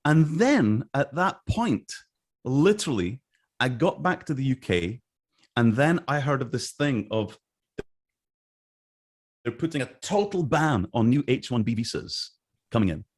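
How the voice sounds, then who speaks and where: A man's voice: mid-range voice, measured pace, long pauses. A middle-aged man from Scotland, telling stories in a casual interview and acting out what others said. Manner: animated, acts out quoted voices. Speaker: interview guest. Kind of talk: casual storytelling.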